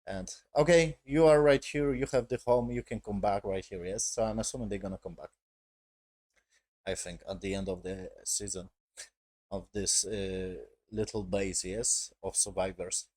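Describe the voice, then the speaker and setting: Excitable swearing man recapping a show. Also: low-pitched, normal speed, dry recording. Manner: excitable, swears often, non-native phrasing with filler "yes?". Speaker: show reviewer. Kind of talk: casual recap and review.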